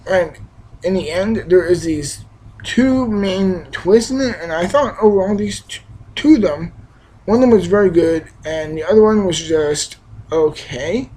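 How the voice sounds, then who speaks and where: A man's voice: sits high, measured pace, darkish tone, breathy edge, poor audio. A young man giving a casual, rambling film review, with frequent restarts, fillers and emphatic bursts. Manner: enthusiastic, emphatic. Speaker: movie reviewer.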